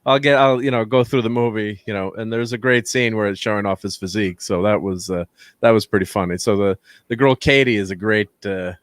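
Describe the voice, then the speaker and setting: A man's voice: on the low side, a little fast, dry recording, clean studio sound. A man hosting a casual movie review chat, rambling and laughing often. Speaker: host.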